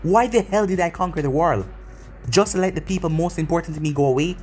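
A man voicing a proud, grieving young male emperor in a read-aloud story, in a steady reading tone. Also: fairly high pitch, brisk, slightly rough, faint music behind. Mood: intense.

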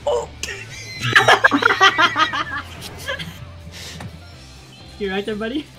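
Girl streamer yelling and laughing at her game, super high voice, slow drawn out words, music under it. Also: sing-song. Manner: shrieking, laughing, swearing. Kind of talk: excited gaming stream chat.

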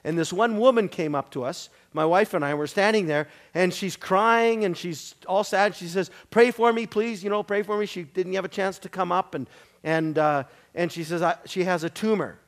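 A middle-aged man preaching in church, telling testimony stories in an animated way and laughing often. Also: high voice, moderate pace. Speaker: visiting preacher. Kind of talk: sermon sharing testimonies.

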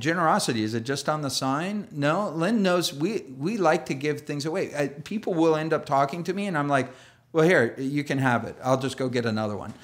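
A man preaches a sermon in a fairly high voice and tells stories with animated energy. He rambles through restarts and acts out quoted characters. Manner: chatty, full of fillers and restarts. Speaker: pastor.

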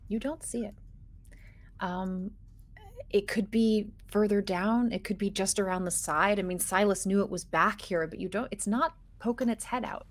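A woman running a tabletop game as game master, narrating scenes and dropping to a hush in the dark moments. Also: mid-range voice, moderate pace. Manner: hushed, drops to a whisper for dark scenes.

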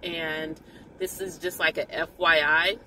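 A woman's voice: low voice, unhurried, slight background noise, poor audio. A woman talking casually to her viewers as an ultrasound technologist, telling stories about her patients in a chatty way. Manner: chatty storyteller, animated when quoting patients. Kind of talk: casual vlog chat.

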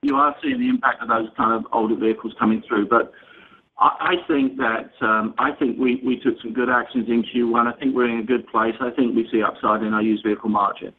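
Executive on a tinny phone line. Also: male voice, mid-range voice, gravelly. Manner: measured, with frequent restarts and fillers. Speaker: company executive answering analyst questions. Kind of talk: earnings call answers.

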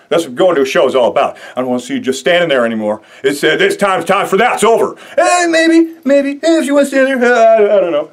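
A young man hosting a show, delivering an excitable comedic rant full of rambling fillers. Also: fairly high pitch. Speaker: host.

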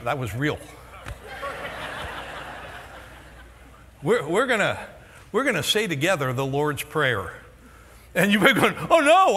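A middle-aged man preaching a sermon as pastor, animated and joking, his voice going hoarse. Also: a little high, in a large hall. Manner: animated, joking, acts out quoted reactions. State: losing his voice. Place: church auditorium.

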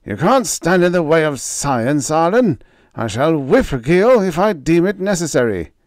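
A man's voice: mid-range voice, animated, a little slow, no room sound, studio quality, pitched above the performer's own voice, close to an everyday voice. A man voicing a ruthless mad male scientist in a storybook reading, speaking in a snapping, imperious, contemptuous way. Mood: cold.

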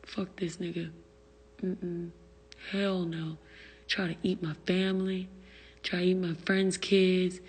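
A woman's voice: on the low side, little pitch movement, slow pace, long pauses, breathy edge, in a large hall. A young woman venting on a phone livestream, profane and exasperated, answering viewer comments aloud. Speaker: livestream host. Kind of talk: casual livestream rant.

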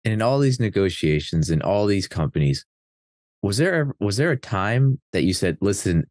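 A podcast host with a very deep male voice asks probing questions and often restarts them. His voice sounds dry and close, with little room sound. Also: big pitch swings, moderate pace, a little mellow, no room sound.

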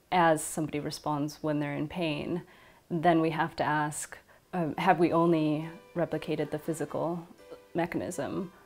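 A woman speaking carefully with pauses and fillers in a documentary interview as an academic. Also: low voice, darkish tone.

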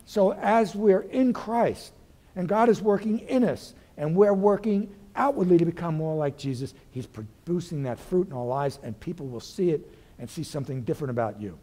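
A male pastor preaching a folksy sermon, pitched a little above most men. He calls out to the congregation and keeps swinging from loud declarations to hushed, near-whispered lines. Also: expressive, normal speed.

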